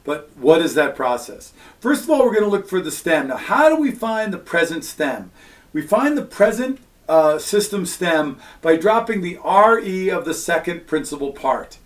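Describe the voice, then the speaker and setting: Man, Latin teacher, patient step-by-step explainer, slightly higher voice, fillers between points. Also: sing-song, normal speed. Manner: patient step-by-step explaining, frequent "all right" and "um". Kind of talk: recorded classroom lesson.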